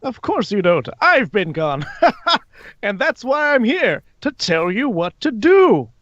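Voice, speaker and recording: A man's voice: high-pitched, very animated, slow, a bit bright, dry recording, voice pushed up, heavily acted. A man voicing a manipulative male war veteran who cackles and persuades, on dull lo-fi audio. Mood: sly.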